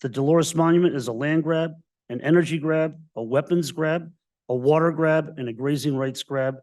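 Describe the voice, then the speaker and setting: A man's voice: fairly high pitch, moderate pace, a little mellow. Male political candidate from the Western Slope, prepared public comment, emphatic and combative. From Colorado's Western Slope. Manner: combative, emphatic, repeated strong claims.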